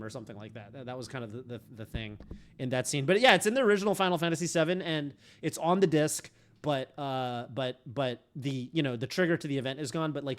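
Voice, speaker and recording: A man streaming a game, chatting casually in a rambling way full of fillers and restarts. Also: medium pitch. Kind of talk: casual chat while streaming.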